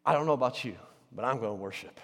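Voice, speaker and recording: A man preaching an energetic sermon in a church. He swings between shouting and soft, near-whispered asides, with self-deprecating humor. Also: mid-range voice, quick pace, in a large hall. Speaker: pastor. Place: church sanctuary.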